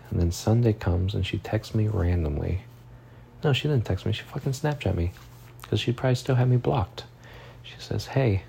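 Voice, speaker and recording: A man's voice: deep voice, creaky, mellow, muffled recording, slight background noise. A young man telling a personal story in a vlog, rambling and swearing, tearful and upset, his voice rising and cracking with emotion.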